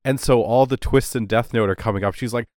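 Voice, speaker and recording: A man with a sinus cold and a lowered voice, chatting casually and telling stories on a podcast. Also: brisk, no echo, studio quality. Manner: storytelling, animated. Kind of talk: casual chat.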